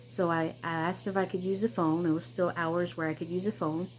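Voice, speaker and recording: A woman's voice: on the low side, little pitch movement, fairly quick, poor audio. A woman hosting her own channel, telling a personal story in an emphatic, insistent way, with many repeats and restarts. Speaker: vlogger, channel host.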